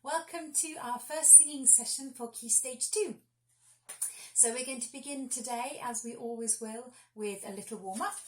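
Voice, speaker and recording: Bright encouraging woman teacher. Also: on the high side, normal speed. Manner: encouraging, clear instructions to children. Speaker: singing teacher. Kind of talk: children's singing warm-up lesson.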